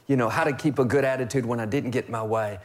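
A man's voice: mid-range voice, fast. A man hosting a faith-based talk show, encouraging and drawing on scripture. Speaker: host.

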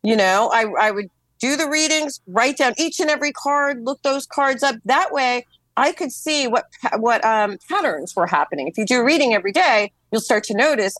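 Brief: American woman, 50s, tarot-reader guest; lively, high-leaning voice, dry close mic. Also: normal speed, dry recording. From United States. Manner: animated storyteller who acts out quotes and laughs often. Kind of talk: casual podcast conversation.

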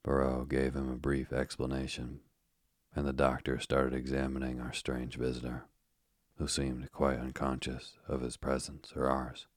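A man reading a story aloud in the first person, in a measured, steady voice. His voice is extremely deep and almost monotone. The recording is close and dry. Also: no echo. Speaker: audiobook narrator.

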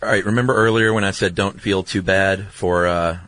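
A man's voice: deep voice, fairly even intonation, fairly quick, a bit bright, no echo. A man co-hosting a podcast, chatting casually and reading out listener mail in an easygoing way. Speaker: podcast co-host. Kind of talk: casual chat.

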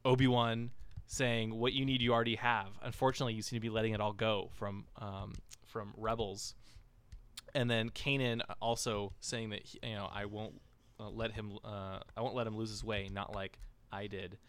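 A man's voice: on the low side, flat delivery, normal speed, a bit bright, smooth. A man hosting a casual podcast discussion, talking in a rambling way with many fillers and restarts. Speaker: podcast host.

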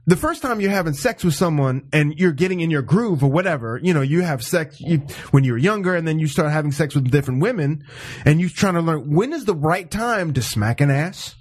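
A podcast co-host with a fairly high voice speaks fairly quickly as he tells a story in casual chat. He's animated and acts out the voices of the people in it.

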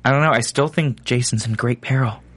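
A man's voice: medium pitch, a little fast, a bit bright. A man on a TV discussion panel, chatting casually and agreeably.

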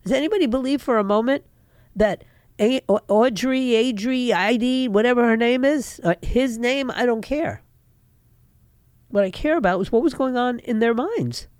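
A woman's voice: on the high side, moderate pace, a little mellow, no echo, clean studio sound. A woman radio talk show host delivering an indignant opinion monologue, repeating lines for emphasis.

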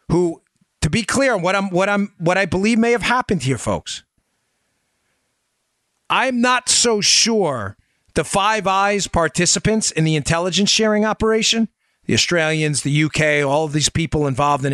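A man's voice: a little high, moderate pace, fairly bright tone, dry recording, studio quality. A man hosting a political podcast, delivering emphatic commentary full of rhetorical questions aimed at his listeners. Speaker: podcast host.

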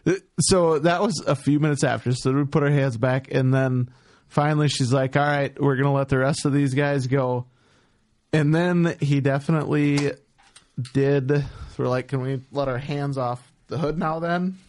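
A man, a former platoon member, telling an old story in a halting way and repeating words as he starts. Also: medium pitch, fairly even intonation, a little mellow. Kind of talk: casual storytelling.

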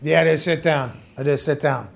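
A young man hosting a podcast, chatting casually and telling animated stories that he laces with swearing and laughter. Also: a little high, quick pace, vocal fry. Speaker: podcast host. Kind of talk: casual chat.

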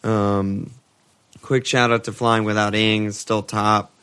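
A man's voice: fairly low pitch, flat delivery, takes it slowly, a bit bright, smooth. A man co-hosting a casual podcast, swearing freely, rambling and laughing as he talks. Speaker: podcast co-host. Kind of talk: casual chat.

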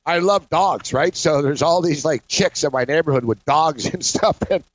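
A man's voice: fairly high pitch, normal speed, no room sound. A man co-hosting a sports talk radio show, chatting and joking in a laid-back way.

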